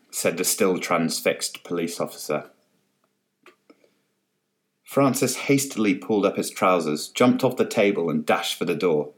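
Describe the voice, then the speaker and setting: Man, narrator, storybook reading, expressive, low pitch. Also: moderate pace. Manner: expressive, reads with many voices.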